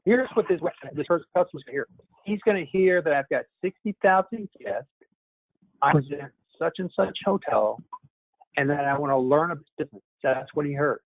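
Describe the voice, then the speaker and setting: A man's voice: a little high, expressive, moderate pace, dry recording. A man running a sales training session, coaching his listeners in an upbeat way and often calling them "guys". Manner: upbeat, coaching, keeps addressing the group as "guys". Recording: tinny phone line, dry.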